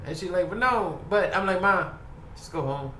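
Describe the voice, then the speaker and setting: A man's voice: sits high, moderate pace, bright, forceful tone, reverberant, a little hiss or hum. A man from Baltimore, a podcast guest telling a long, profane, rambling story packed with quoted dialogue. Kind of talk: casual storytelling. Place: podcast studio.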